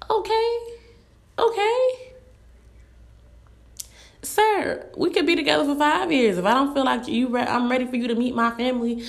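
A woman's voice: a little high, creaky. A young woman, ranting bluntly and animatedly in a casual monologue to camera. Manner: animated, blunt, fast-talking with quoted asides.

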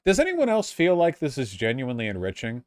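A male streamer chats casually with his viewers, his voice jumping around with lively ups and downs. He swears freely and gets excited easily. The sound is close and dry. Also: medium pitch, fairly quick, no echo. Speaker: live streamer. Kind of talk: casual live-stream commentary.

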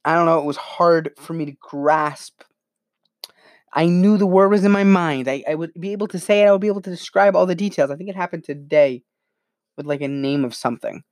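A man's voice: on the high side, brisk, dry recording, clean studio sound. A young man hosting a casual educational talk, rambling and self-reflective with many fillers. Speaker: channel host.

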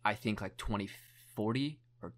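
A young man with a fairly low voice tells a story in loose, casual chat. He rambles, leans on "like" constantly and swears without thinking about it. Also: moderate pace. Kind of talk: casual chat, retelling a documentary.

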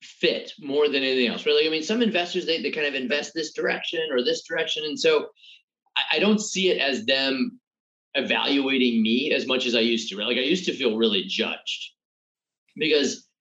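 A man's voice: medium pitch, moderate pace, bright, forceful tone, highs cut off. A man who is a guest entrepreneur, talking reflectively in a casual interview with many restarts.

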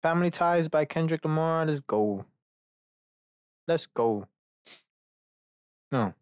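A man with a slightly high, clear, resonant voice hosts his own podcast, speaking slowly yet animatedly. He rambles, swears without restraint, and breaks off to ridicule himself, all in clean studio sound with no room noise.

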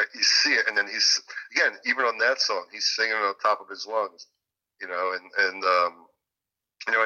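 On a rough recording, a man with a lowish, bright voice and a forceful tone is interviewed as a music producer and guitarist. In casual interview chat, he rambles through stories, full of fillers and restarts.

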